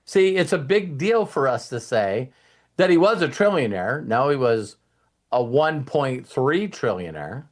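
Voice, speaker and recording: A man hosting a casual motivational talk, rambling and animated, often acting out what other people say. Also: medium pitch, unhurried. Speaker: host.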